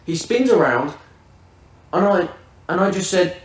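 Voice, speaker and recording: Podcast host, man, lively profane storyteller, slightly high voice, echoey room, mic set back. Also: a little slow. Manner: vivid, swearing, comic storyteller. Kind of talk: casual storytelling. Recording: roomy, distant mic.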